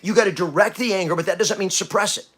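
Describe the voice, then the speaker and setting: A man hosting a podcast, giving a blunt motivational talk that swings from quiet to loud, with coarse language. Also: high voice, quick pace, husky. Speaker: podcast host.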